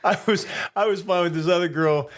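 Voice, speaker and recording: A man's voice: high-pitched, brisk. Guy flight attendant cohost telling stories, laughs a lot, does little voices. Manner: animated, laughs often, acts out quotes. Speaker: podcast co-host, flight attendant. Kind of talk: casual storytelling chat.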